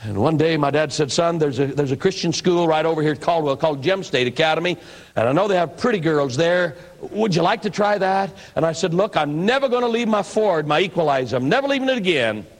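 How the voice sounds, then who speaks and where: An older man from Idaho, an evangelist preacher, telling his life story in a sermon with folksy, animated delivery and acted-out quotes. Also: a little high, brisk. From Idaho, USA.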